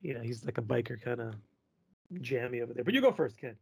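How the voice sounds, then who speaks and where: A man's voice: medium pitch, expressive, quick pace, gravelly, darkish tone, breathy edge, dry recording. A man co-hosting a casual podcast, blunt and crude, swearing freely. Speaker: podcast co-host.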